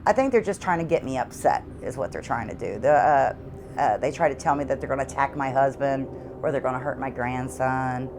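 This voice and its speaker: A middle-aged woman telling an interviewer about her haunted house at home, in halting, earnest speech that repeats words. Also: extremely low pitch, background noise. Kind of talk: emotional interview testimony.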